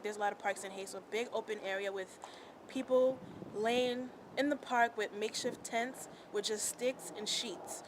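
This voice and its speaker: A woman's voice: medium pitch, noisy background. A young woman chatting casually and telling of her own experience, full of fillers like "like" and "um". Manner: chatty, lots of "like" and "um". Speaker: interviewee. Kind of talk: casual personal account. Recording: music playing underneath.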